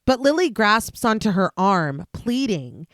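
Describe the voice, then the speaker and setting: Female podcast co-host, steady plot-recap narration, mid voice, dry sound. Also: medium pitch, measured pace, no room sound.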